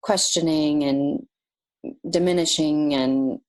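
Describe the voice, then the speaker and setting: A woman guest telling a personal story in a podcast interview, animated and emotional, laughing now and then. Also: low voice, takes it slowly.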